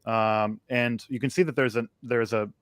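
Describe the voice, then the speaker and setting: A man co-hosting a live text study, explaining in a measured, thoughtful way with frequent fillers. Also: medium pitch, fairly even intonation, a bit bright, no echo, studio quality. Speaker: co-host of a text study livestream. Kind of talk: conversational scholarly explanation.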